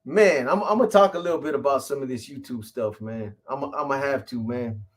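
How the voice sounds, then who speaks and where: A man's voice: medium pitch, brisk. A middle-aged man hosting a casual live stream, rambling and profane, greeting viewers by name in street slang. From California.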